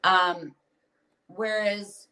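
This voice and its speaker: A woman's voice: mid-range voice, very slow, rough recording. Candid woman comedian venting as a guest. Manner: candid, animated venting with acted asides. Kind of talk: casual podcast chat.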